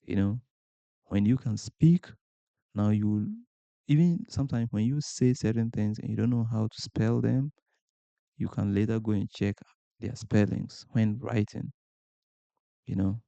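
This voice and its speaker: A man speaks in a low, gravelly voice with a very dark tone. He gives informal language-learning advice, posing rhetorical questions and then answering them. The sound is dry and a little muffled. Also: steady tone, normal speed, no room sound. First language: not English. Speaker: language learning podcast host. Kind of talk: informal advice talk to camera.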